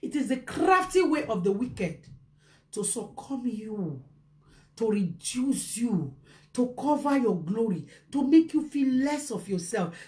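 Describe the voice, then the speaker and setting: High-voiced impassioned woman preacher. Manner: impassioned, swings from shouts to hushed low lines. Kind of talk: motivational sermon.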